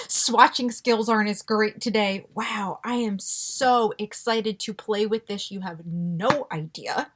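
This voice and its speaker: A woman vlogger chatting casually through a beauty box unboxing, gushing and excitable with frequent gasps. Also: mid-range voice, unhurried, few pauses. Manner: gushing and excitable, gasping often.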